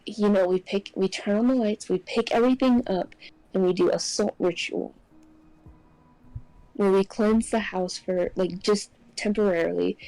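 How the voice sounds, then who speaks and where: A young woman casually telling a personal ghost story on a podcast, getting animated when she acts out what people said. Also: mid-range voice, no echo, poor audio. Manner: animated, acts out quotes in raised voice. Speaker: podcast co-host.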